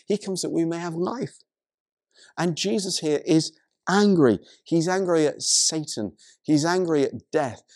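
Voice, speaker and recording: A male pastor preaching a sermon, retelling a story in an animated way, with many stammered restarts. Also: on the high side, unhurried, no room sound, clean studio sound.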